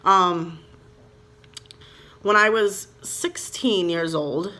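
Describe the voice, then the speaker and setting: In a casual vlog, a young Minnesota woman shares a personal story directly with her viewers, rambling, using "like" and "you know" a lot, and showing open, heartfelt emotion. Her slightly low voice has a sharp tone, and she speaks extremely slowly.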